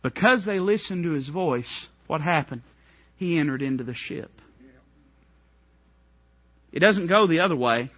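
Preacher with soaring, dramatic delivery. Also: male voice, lively intonation, a little slow, pauses often, dry recording, muffled recording. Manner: dramatic, swinging from hushed lows to ringing high outbursts. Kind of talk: sermon.

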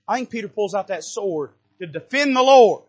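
Male pastor, high husky voice, sermon from the pulpit, builds from hushed to loud and impassioned. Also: lively intonation, normal speed. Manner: impassioned, swings between quiet asides and loud rising bursts. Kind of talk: fiery sermon. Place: church pulpit.

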